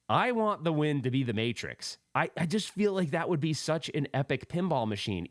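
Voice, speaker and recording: A man's voice: mid-range voice, dry recording, clean studio sound. Rambling man with a faint East Coast accent. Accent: faint East Coast American. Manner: rambling, laughs at himself, loose fillers. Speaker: podcast host. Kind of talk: casual solo chat.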